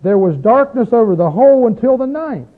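Heard on a tinny, phone-like recording, a man with a very high-pitched, expressive voice speaks a little fast as he leads a Bible study. He teaches emphatically, quizzes the group along the way, and rises in pitch to stress points.

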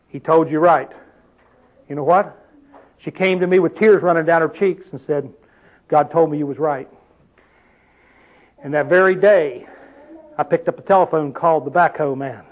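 Man, high-pitched preacher, exclamatory sermon, muffled lo-fi recording. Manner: preacherly, call-and-response exclamations. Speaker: pastor. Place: church hall.

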